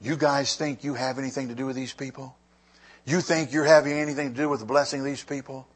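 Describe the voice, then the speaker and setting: A man preaching a sermon to a congregation, swinging between quiet stretches and loud, fervent rises. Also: medium pitch, steady tone, quick pace. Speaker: pastor.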